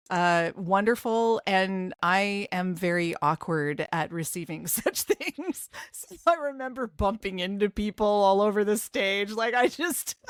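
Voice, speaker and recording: A woman guest on a podcast, speaking hesitantly with halting fillers. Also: medium pitch, dry recording, clean studio sound. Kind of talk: casual chat.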